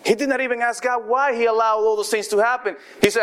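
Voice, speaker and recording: A man preaching a sermon, telling the story lively and acting out what the people in it say. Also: high-pitched, fast, hardly any pauses. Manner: animated storytelling, acting out quoted voices.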